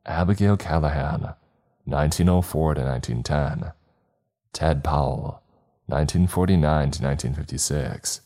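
A man narrating a horror story in a measured, ominous way. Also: extremely low pitch, mellow.

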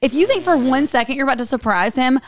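A woman's voice: sits high, animated, fast. A woman in her late thirties co-hosting a podcast, chatting casually and joking, swearing freely. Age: 30s. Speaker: podcast co-host. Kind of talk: casual chat.

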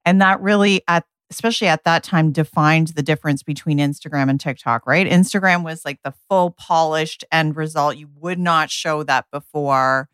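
Smooth-voiced woman co-hosting a podcast. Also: deep voice, normal speed, hardly any pauses, a bit bright, no room sound, studio quality. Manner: conversational, asks follow-up questions. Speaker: podcast co-host. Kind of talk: casual interview talk.

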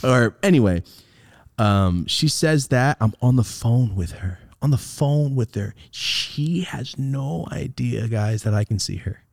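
A man hosting a podcast, telling a story in a casual, profane, animated way and acting out the quotes. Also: mid-range voice, measured pace, creaky, no echo, clean studio sound. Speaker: podcast host.

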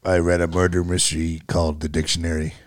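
A man talks bluntly on a podcast, tossing in dry jokes. His voice sits somewhat low. He speaks in casual chat with friends. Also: flat delivery, quick pace. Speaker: podcast co-host.

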